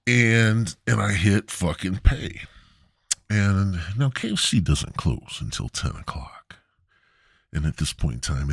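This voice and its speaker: A man's voice: extremely low pitch, gravelly, breathy edge, dry recording, clean studio sound. A man hosting a podcast, telling a comedic story as a profane, mock-outraged rant. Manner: profane, heavy swearing. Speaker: podcast host.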